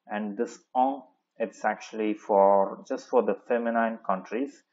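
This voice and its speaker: A man's voice: fairly low pitch, steady tone, unhurried, hardly any pauses, a little mellow, highs cut off. A male French teacher explaining grammar step by step in a patient classroom manner, often checking in with the listener.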